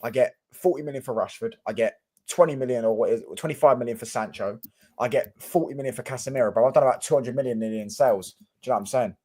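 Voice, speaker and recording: A man, chatting on a live stream about football in quick, slangy banter. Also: medium pitch, dark tone. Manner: fast, slangy, keeps asking "do you know what I'm saying". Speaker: Manchester United fan co-host.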